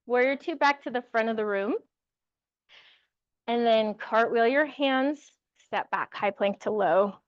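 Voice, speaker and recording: A woman teaching a yoga class, giving calm, encouraging cues and laughing lightly now and then. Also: fairly high pitch, no room sound, dull audio. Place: yoga studio with music.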